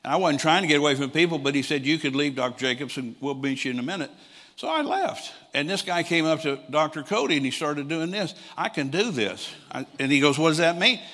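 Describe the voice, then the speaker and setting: Older male preacher in his 60s, bright voice, animated storytelling in a church with long hall reverb. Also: on the high side, a little fast. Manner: animated storyteller who acts out quoted people and chuckles often. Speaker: traveling preacher. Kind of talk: storytelling sermon.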